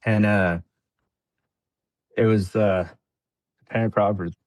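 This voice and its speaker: A man's voice: measured pace, dry recording. A man, a podcast guest and veteran, telling a long war story in casual chat, acting out quotes from others in a raised voice. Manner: animated storyteller, acts out quotes in a higher voice.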